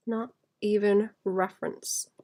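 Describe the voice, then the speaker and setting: Woman illustrator, casual drawing-stream chat, mid-pitched, rambling and laughing softly. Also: flat delivery, takes it slowly. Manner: rambling, thinks aloud, often laughs softly.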